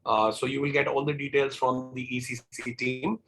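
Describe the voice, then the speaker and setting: A man's voice: medium pitch, little pitch movement, moderate pace, fairly bright tone, low-quality recording. A man speaking as a college representative in an online open house. He answers applicants' questions and fills his explanations with "uh" and "you know". He is heard over a video call. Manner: explanatory, with frequent fillers. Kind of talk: webinar Q&A.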